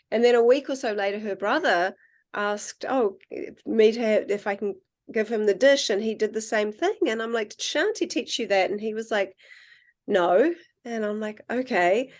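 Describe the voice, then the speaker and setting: A woman guest in casual conversation, telling animated stories and acting out the dialogue. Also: mid-range voice. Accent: non-American accent, self-described. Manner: animated storyteller, acts out quoted dialogue. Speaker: guest, water researcher.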